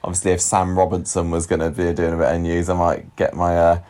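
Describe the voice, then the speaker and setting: A man's voice: deep voice, completely flat delivery, darkish tone. A man co-hosting a podcast, bantering and joking in casual chat. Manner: jokey, quick banter. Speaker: podcast co-host.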